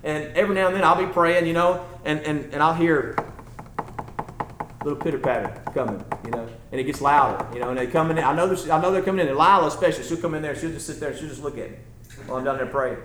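A man's voice: a little high, fast talker, echoey room, noisy background. A man preaching a sermon as a church elder, talking in a folksy, conversational way that builds to emphatic passages.

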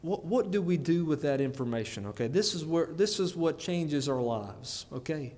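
A man's voice: on the high side, lively intonation, moderate pace, darkish tone, in a large hall. A man preaching a sermon in an earnest way, often repeating words and putting questions to his listeners.

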